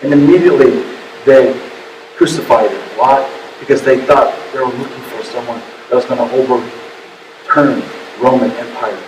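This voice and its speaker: A man preaching a sermon as pastor, emotional, swinging from hushed to loud and repeating his words. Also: mid-range voice, moderate pace, echoey room, big-room sound, distant mic, noisy background.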